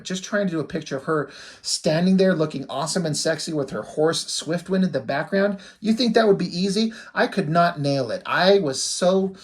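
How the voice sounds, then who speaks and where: A man giving casual, candid commentary on his own comic pages, self-critical and swearing now and then. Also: a little high. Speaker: comic artist and channel host.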